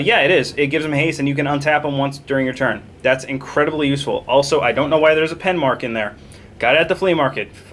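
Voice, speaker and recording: Brief: young man, mid pitch, casual deck walkthrough, self-correcting rambler, faint hiss behind. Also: a bit bright. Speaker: deck tech presenter.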